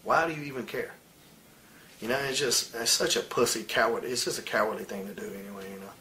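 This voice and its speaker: A man's voice: lowish voice, fairly even intonation, quick pace, bright, forceful tone. A man in his forties, a former wrestler, talking bluntly and profanely in a candid interview, with faint hiss behind him. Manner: blunt, profane, heated storytelling. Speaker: retired pro wrestler as interview guest.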